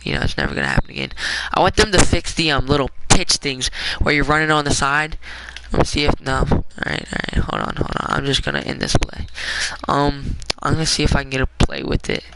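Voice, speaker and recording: A young man with a raspy, smoker-like voice, giving rambling, offhand commentary while streaming a game. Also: on the high side, animated, fairly quick, heavy background noise. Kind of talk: casual gameplay commentary.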